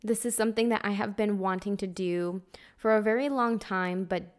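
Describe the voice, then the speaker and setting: A woman's voice: mid-range voice, moderate pace. Earnest young woman hosting a spiritual podcast. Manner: earnest, conversational, heavy use of "like", occasional swearing. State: emotional, close to tears. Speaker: podcast host. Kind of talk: casual spiritual podcast monologue.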